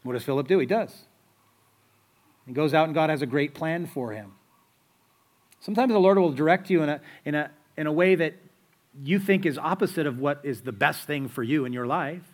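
A man's voice: fairly high pitch, normal speed, long pauses. A man preaching a sermon in a conversational, storytelling way, full of rhetorical questions to the listeners. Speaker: pastor.

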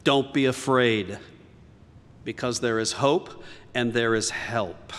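A man's voice: medium pitch, slow pace, fairly bright tone, clear, resonant tone, big-room sound. A man preaching a sermon as pastor, earnest and emphatic, rising on key lines.

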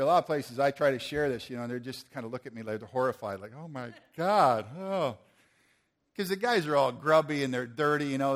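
A man preaching to a group of men, telling a story in a lively way and acting out the people in it. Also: medium pitch. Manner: animated, acts out the people in his story. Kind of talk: storytelling sermon.

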